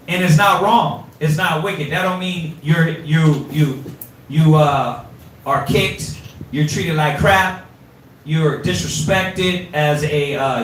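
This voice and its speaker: High-voiced man teaching a scripture class. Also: recorded from a distance. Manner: animated and streetwise, quizzing the class. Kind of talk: informal scripture class lecture. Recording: echoey room recorded from afar, faint hum.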